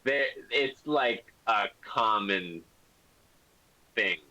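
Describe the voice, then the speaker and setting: Slow rambling game master, bright voice. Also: male voice, fairly low pitch, animated, poor audio. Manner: rambling, full of "like" and "um". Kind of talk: narrating a tabletop game.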